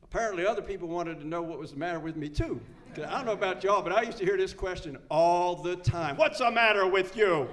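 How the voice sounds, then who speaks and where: An older man from Maryland tells his story of addiction and recovery to a meeting room full of listeners. He talks in a casual, storytelling way with a touch of self-deprecating humor. His voice sits a little on the high side for a man. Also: fast, hardly any pauses. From Maryland, United States. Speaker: AA speaker. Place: meeting room before a live audience.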